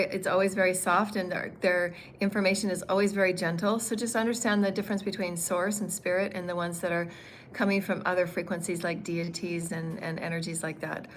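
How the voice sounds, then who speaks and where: Giving a spiritual teaching over a livestream, this woman speaks in a fairly low voice, wandering off course, saying things more than once, and plugging gaps with ums. Faint background hum is audible.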